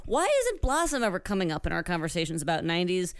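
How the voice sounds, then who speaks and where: A woman co-hosting a podcast, trading wry remarks in casual chat and often laughing. Her voice is smooth and crisp. It is recorded dry and close, with no room sound. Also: lowish voice, big pitch swings, quick pace, no echo. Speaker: podcast co-host.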